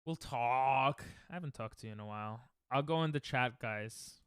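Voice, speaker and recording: Young male streamer, rambling and self-mocking, bright tone with a dry close sound. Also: mid-range voice, a little fast, clean tone, no room sound. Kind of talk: casual live-stream chat while gaming.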